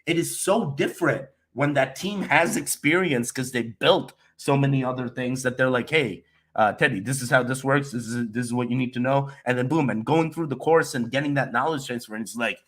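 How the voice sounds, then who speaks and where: Young male livestream host, sick and nasal with a slight cough, loose and rambling, mid-pitched voice. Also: moderate pace. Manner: loopy, relaxed, rambling with restarts. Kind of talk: casual livestream chat reading comments.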